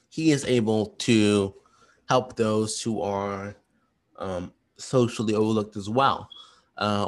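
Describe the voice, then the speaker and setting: Guy going over study questions, talks fast and rambly, lowish voice, lots of restarts. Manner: chatty, retells stories in slangy voices. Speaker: teacher. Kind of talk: casual study-question walkthrough. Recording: voice message.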